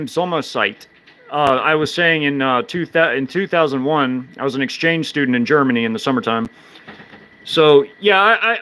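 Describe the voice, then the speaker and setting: Man in his thirties, casual stream chatter, mid-pitched voice, halting delivery full of restarts. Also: bright, forceful tone. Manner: halting, many restarts and fillers, speech slurs when fast. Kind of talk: casual live-stream chat.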